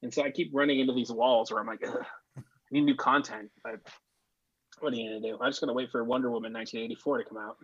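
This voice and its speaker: A man co-hosting a podcast in casual chat, excitable and rambling, often cutting himself off mid-sentence. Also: mid-range voice, racing, husky, dull audio. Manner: excitable, self-interrupting, rambling. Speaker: podcast co-host.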